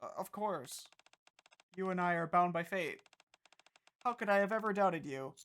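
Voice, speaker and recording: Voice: medium pitch, normal speed, a bit bright, lightly acted. A streamer voicing a timid, anxious young woman from a game who stammers and begs for forgiveness. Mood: hesitant. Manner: stammering, apologetic, clingy. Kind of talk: reading game dialogue aloud.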